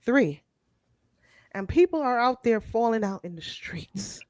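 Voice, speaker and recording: Emphatic high-voiced woman. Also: expressive, a little mellow, no echo. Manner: emphatic, insistent, explains slowly. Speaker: podcast co-host. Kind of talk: heated casual sports debate.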